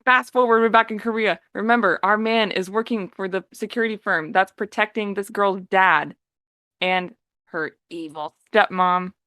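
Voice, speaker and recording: A woman on a podcast, retelling a story in a lively, casual way and acting out the characters' lines. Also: medium pitch, moderate pace, dry recording. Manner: animated storytelling, acting out quotes. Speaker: podcast co-host.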